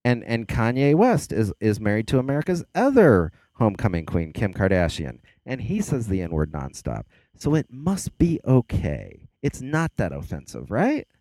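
A man guesting on a podcast speaks in a deep voice that swings widely in pitch. He is sarcastic and animated and laughs often, and the mellow sound is recorded dry and close. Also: moderate pace, few pauses, dry recording. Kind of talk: casual chat.

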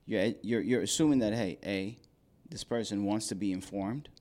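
A man's voice: on the low side, moderate pace, darkish tone. A man talking as a podcast guest and consultant. He is casual and profane, and he acts out other people's voices when he quotes them. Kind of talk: casual conversation.

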